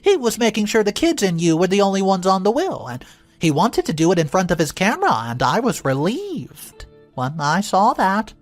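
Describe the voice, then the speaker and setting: A man's voice: high voice, big pitch swings, moderate pace, soft background music, voice pushed up. A man voicing a supportive woman friend who speaks in a caring, reassuring way. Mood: concerned.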